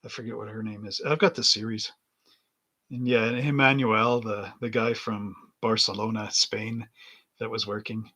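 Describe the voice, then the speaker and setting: A man's voice: lowish voice, flat delivery, moderate pace, bright, forceful tone. A middle-aged man hosting a model-building livestream, rambling through anecdotes in casual chat and chuckling often as he works at his bench.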